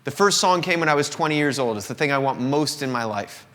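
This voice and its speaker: His voice a little high, animated, and fairly bright, a singer-songwriter in his 30s from the American South speaks a little fast. He offers an earnest, reflective confessional monologue to a live audience in an indoor company showroom, where the live room gives long reverb.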